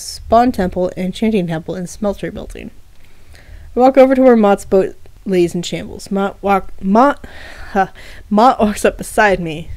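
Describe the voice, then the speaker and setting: A woman's voice: mid-range voice, a little mellow, dry recording. A woman reading her own fan fiction aloud on a livestream, breaking off for casual asides with fillers. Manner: casual asides with fillers between story passages.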